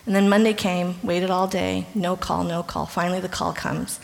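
A woman's voice: lowish voice, fairly even intonation, normal speed, vocal fry. A woman giving a personal testimony sermon in an earnest storytelling way. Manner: earnest storytelling, drops to a hushed whisper at tender moments. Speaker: speaker at a Christian gathering. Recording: long hall reverb.

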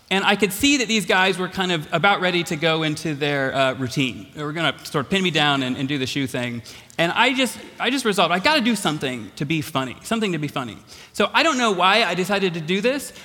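A man's voice: sits high, sharp tone. A man giving a storytelling sermon to a large audience, self-deprecating and laughing often as he talks. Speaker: college president giving a talk. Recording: long hall reverb.

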